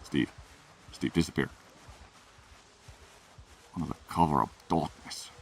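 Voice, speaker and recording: A man's voice: extremely low pitch, measured pace, gravelly, distant mic, a little hiss or hum. A man streaming a game, chatting and joking with his chat as he plays. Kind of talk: casual gameplay commentary. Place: room at home.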